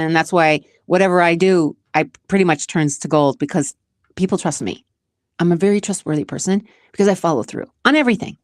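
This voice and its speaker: A woman whose voice is on the low side hosts her own show, recorded with no echo. Talking about relationships in a casual, earnest, rambling monologue, she gets emotional and close to tears now and then.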